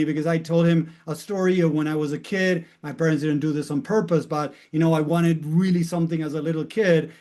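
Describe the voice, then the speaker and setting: A man's voice: on the high side, a little mellow. A middle-aged man, a life coach, telling a personal story in an earnest way and repeating words for emphasis.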